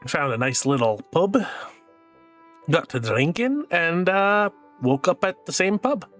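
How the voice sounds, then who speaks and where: Man voicing a dwarf, boastful, folksy, rambling, slow-talking. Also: fairly high pitch, big pitch swings, a bit bright, faint music behind, voice pushed up. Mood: jovial. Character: boastful hard-drinking male dwarf.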